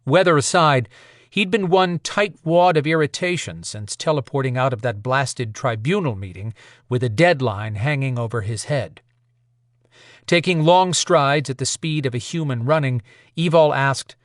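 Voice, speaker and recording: A man giving steady, measured scripted audiobook narration at a close mic. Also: medium pitch, no echo.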